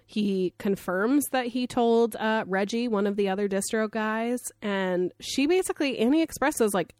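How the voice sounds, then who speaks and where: A woman co-hosting a podcast, recapping a show in animated casual chat, swearing freely and acting out the characters' lines. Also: mid-range voice, normal speed, no room sound, studio quality. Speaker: podcast co-host.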